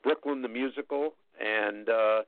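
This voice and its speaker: A man's voice: lowish voice, no echo, narrow, tinny audio. Older man telling chatty stories. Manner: rambling, chatty, with frequent "uh" pauses. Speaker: interview guest. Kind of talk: storytelling anecdotes in casual conversation.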